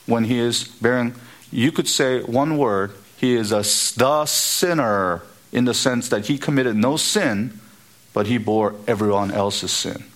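A man preaching an expository sermon, emphatic and building to high, repeated exhortations. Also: a little slow.

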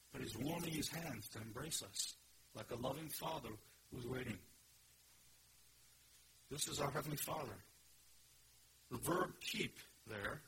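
Against some background noise, a pastor from Korea delivers an expository sermon in a medium-pitched voice. His teaching is earnest and emphatic, and he asks his listeners questions.

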